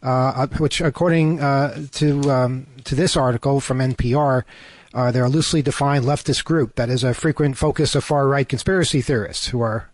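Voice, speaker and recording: A man's voice: mid-range voice, steady tone, moderate pace, darkish tone, no room sound. A man co-hosting a talk show over a remote call, reading news items and cutting in with sarcastic asides, full of fillers and restarts. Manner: hesitant, many fillers and restarts.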